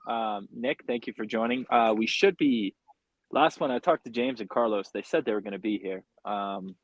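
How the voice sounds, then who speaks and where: A man, a writer and director joining as a guest, speaking in a thankful, slightly halting way on a video call. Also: on the low side, no room sound, muffled recording. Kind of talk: casual chat on a video call.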